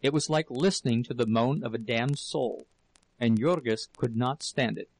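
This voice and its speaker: A man narrating a classic novel as an audiobook, in a measured, deliberate reading. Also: medium pitch, poor audio.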